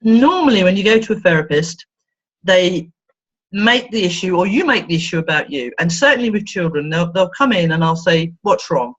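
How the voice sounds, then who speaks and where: Woman therapist, interview guest, lively swooping delivery, husky tone, dull lo-fi sound. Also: normal speed. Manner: playful, acts out quoted voices with big pitch swings. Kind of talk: animated storytelling in conversation.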